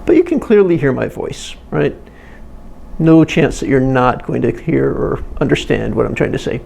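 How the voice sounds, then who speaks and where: Gravelly man teaching in a humming classroom. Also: mid-range voice, sing-song, moderate pace, darkish tone. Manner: plain, methodical, asks the viewer questions. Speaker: professor teaching video production. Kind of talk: instructional demonstration. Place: indoor classroom with air conditioning. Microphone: lavalier, shotgun and camera mics at varying distance. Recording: faint room noise, mic changing distance. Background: air conditioning hum and light cooling fan.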